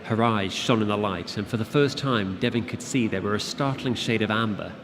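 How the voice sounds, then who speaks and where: A man reading his fantasy novel aloud to an audience at a convention, in a steady, measured narration. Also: on the low side, a crowd in the background. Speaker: author reading his book. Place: convention event room. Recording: long hall reverb with audience.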